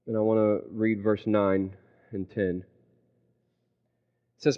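A male preacher delivering a sermon, emphatic, repeating key phrases and slowing down for scripture. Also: on the low side. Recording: dull lo-fi recording.

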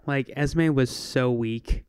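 A podcast co-host chatting casually, full of teasing jokes and interruptions. The voice is smooth and clear at a middle pitch. It sounds close and dry. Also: a little mellow, no room sound. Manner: teasing, joking, quick to laugh. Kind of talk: casual chat.

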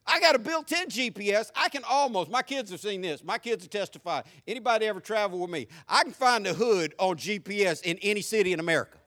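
A man's voice: high-pitched, expressive, fast, hardly any pauses, fairly bright tone. A middle-aged man with a Southern US accent, preaching a sermon as a pastor and telling humorous stories to his congregation.

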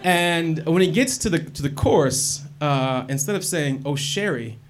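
Wry, animated male storyteller. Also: fairly high pitch, a little slow. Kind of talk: personal story told to an audience.

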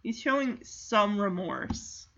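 Chatty bright-voiced woman recapping a movie. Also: medium pitch, sing-song, slow, gravelly, highs cut off. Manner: chatty, reactive, heavy use of "like". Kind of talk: casual movie recap commentary.

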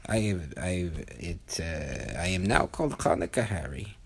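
A flustered spaceman stumbles over his words with plenty of ums and restarts, as a man puts him on in a bedtime story. His voice sits a little higher and louder than a plain telling, with a low gravelly edge underneath. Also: animated, measured pace, heavily acted. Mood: puzzled. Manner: hesitant, stammering. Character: flustered male space traveler Hanukkah Harry.

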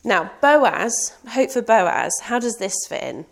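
A woman's voice: on the high side, sing-song, slow pace, creaky. A young woman preaching a sermon in an earnest, personal way, asking rhetorical questions.

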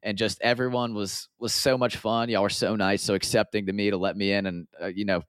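A man's voice: lowish voice, level tone, brisk, clear, resonant tone, dry recording, studio quality. A young American man, a podcast guest, chatting casually and telling upbeat stories. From United States. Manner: upbeat, storytelling, drops quoted asides. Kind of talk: casual chat.

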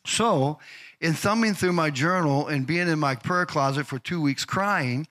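Bright-voiced earnest male pastor. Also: a little high, unhurried. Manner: earnest, heartfelt, repeats himself. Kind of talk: sermon.

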